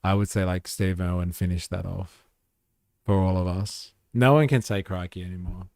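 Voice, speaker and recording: A man's voice: low voice, steady tone, normal speed, darkish tone, no room sound, studio quality. A young Australian man hosting a livestream, chatting casually in a laid-back, profane way and laughing often. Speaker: livestream host.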